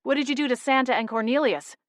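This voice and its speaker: A woman voicing a bold, quick-witted young witch who talks in a brisk, commanding way. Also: sits high, dry recording, clean studio sound, voice pushed up, close to an everyday voice. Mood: demanding.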